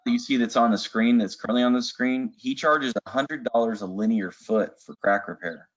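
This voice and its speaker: A man's voice: medium pitch, normal speed. A man working as a sales manager who talks casually and enthusiastically in a webinar, with frequent fillers. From Arizona. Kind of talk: webinar presentation. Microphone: video call.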